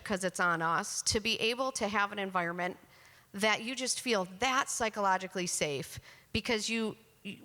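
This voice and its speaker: A woman's voice: medium pitch, sharp tone. A middle-aged woman speaking on a conference panel, telling a story in a candid, chatty, self-deprecating way into a handheld mic. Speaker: panelist, chief marketing officer. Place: conference hall on stage. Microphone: handheld microphone. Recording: reverberant hall.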